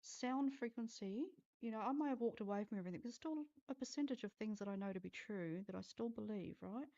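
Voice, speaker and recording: Woman, intuitive reader on a livestream; frank, foul-mouthed, warm low tone, muffled sound. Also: fast talker. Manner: blunt, swears freely, talks straight to viewers. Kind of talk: live-streamed psychic reading.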